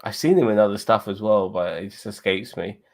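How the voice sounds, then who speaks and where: A man with a somewhat low voice, talking loosely in a casual review chat. He rambles, swears freely and leans on "you know what I mean" between thoughts. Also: brisk. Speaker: podcast co-host.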